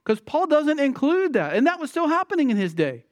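A man's voice: very high-pitched, sing-song, fairly quick, no echo, studio quality. A man preaching an expository sermon, emphatic, repeating key phrases and asking rhetorical questions.

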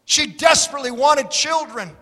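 Man, pastor, high bright voice, slow emphatic sermon, long hall echo. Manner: emphatic preaching, repeating key words.

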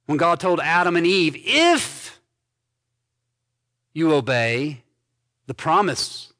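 A man pastor preaching an expository sermon, reading scripture aloud and commenting on it with emphatic stresses and quiet endings. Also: fairly high pitch, measured pace. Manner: emphatic preaching, swinging between loud stresses and dropped soft endings.

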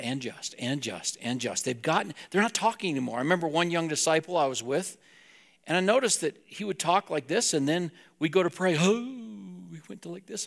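A man preaches a sermon in a direct, conversational way. His voice sits a little high and carries a gravelly edge. He talks to the congregation like he's explaining something to friends. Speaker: pastor.

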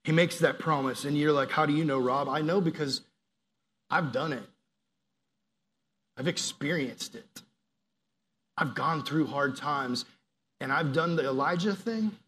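Animated male youth pastor preaching. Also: fairly high pitch, unhurried, pauses often, a little hiss or hum. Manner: animated, acts out quoted prayers, drops to soft earnest appeals. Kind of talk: sermon.

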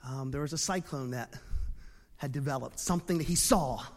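A man in his fifties from Philadelphia preaching a sermon as pastor, dropping to near-whispers and then rising to loud exclamations. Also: medium pitch, moderate pace. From Philadelphia, USA. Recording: long reverb of a large hall.

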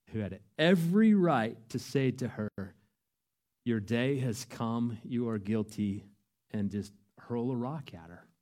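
A man preaching a sermon, earnest and emphatic, his voice rising to loud peaks. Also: mid-range voice. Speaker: pastor.

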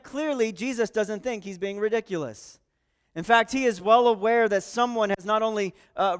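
A man gives a sermon, walking his listeners through a passage of scripture. His voice sits high and sounds smooth and resonant. He talks in an earnest, conversational way. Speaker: pastor. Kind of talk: expository sermon.

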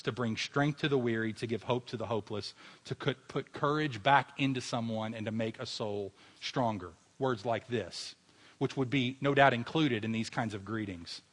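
Earnest pastor preaching. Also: male voice, mid-range voice, fairly bright tone. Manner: earnest exhorting preacher, rising to fervent emphasis. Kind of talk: sermon with closing prayer.

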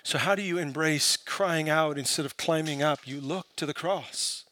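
A man preaching a sermon, building from quiet, searching questions to impassioned, emphatic peaks. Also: fairly high pitch, moderate pace, no room sound. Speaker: pastor.

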